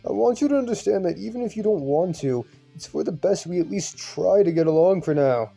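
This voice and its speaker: Guy doing a sweet earnest peacemaker kid, higher voice, soft and pleading, faint music. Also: lively intonation, a little fast, gravelly, exaggerated voice. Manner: gentle, pleading, reasonable. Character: earnest young peacemaker, soft-spoken and caring. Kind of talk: fan visual novel voice acting.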